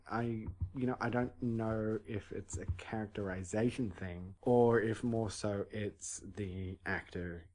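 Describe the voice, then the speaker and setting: A man's voice: lowish voice, darkish tone. A man co-hosting a podcast, talking casually and emphatically, often breaking off and restarting his sentences. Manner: opinionated, emphatic, halting restarts. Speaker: podcast co-host. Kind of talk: casual chat.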